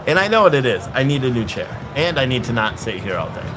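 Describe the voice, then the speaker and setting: A man's voice: mid-range voice, sing-song, fast talker, background noise. A man hosting a casual live stream, thinking aloud and rambling, restarting his sentences and cracking jokes as he goes. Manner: jokey, laughs at his own jokes. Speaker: livestream host.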